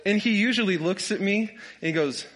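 A man's voice: high-pitched, fairly quick, fairly bright tone, a little hiss or hum. Folksy, joking young preacher man. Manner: folksy, joking, laughs often at his own stories. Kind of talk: humorous sermon. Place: church sanctuary with a congregation.

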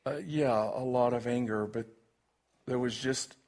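A man who is a pastor, praying and preaching to his church in a folksy, joking way, with halting restarts. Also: medium pitch, steady tone, darkish tone. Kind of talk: sermon with prayer and jokes.

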